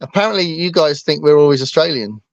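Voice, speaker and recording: A man's voice: fairly high pitch, quick pace, no echo. Rambling man, casual book chat co-host, fillers galore, dull dry recording. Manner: rambling, with many fillers and restarts. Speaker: booktuber co-host.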